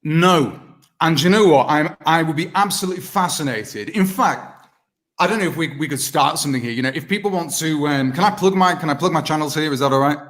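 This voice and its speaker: A man's voice: a little high, a little fast. Chatty impressionist man on a call. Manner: chatty, animated, slips into impressions. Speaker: impressionist guest. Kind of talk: casual video call chat with impressions. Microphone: video call.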